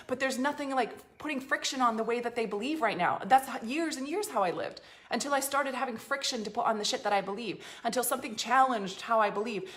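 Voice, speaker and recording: A woman business coach giving a blunt, emphatic motivational talk to her followers, swearing freely and acting out inner doubts. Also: on the high side. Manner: emphatic, blunt and swearing, swings into emotional acted-out inner monologues.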